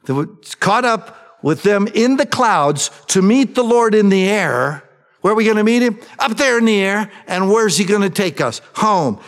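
A man with a high voice preaches a sermon. He asks the congregation questions and answers them himself. He moves between raised, emphatic lines and hushed asides, and his voice rings with the long reverb of a large hall. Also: animated, moderate pace. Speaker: pastor.

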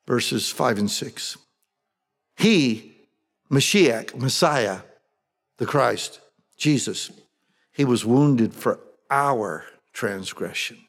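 A man's voice: mid-range voice, slightly rough. Man preaching in a reverberant hall. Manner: expository, reads verses then explains them plainly. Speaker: pastor. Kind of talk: sermon with scripture reading.

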